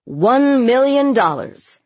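A woman voicing a male auctioneer who loudly chants out bids. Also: medium pitch, slightly rough, highs cut off, full character voice. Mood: booming. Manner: loud, rapid chanting of bids.

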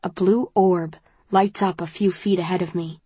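A woman reading a novel aloud in the first person, in a calm and measured way. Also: lowish voice, slightly rough, no room sound. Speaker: audiobook narrator.

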